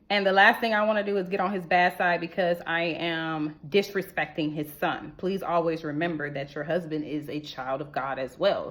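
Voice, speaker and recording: A young adult woman giving casual marriage advice to wives, lively and preachy, leaning on rhetorical questions and emphatic repetition. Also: fairly low pitch.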